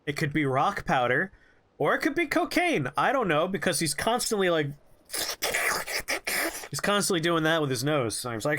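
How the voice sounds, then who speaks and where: A man's voice: on the high side, big pitch swings, moderate pace, pauses often, a bit bright. A young man streaming a game who tells a rambling, jokey story with lots of animation. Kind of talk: storytelling while playing a game.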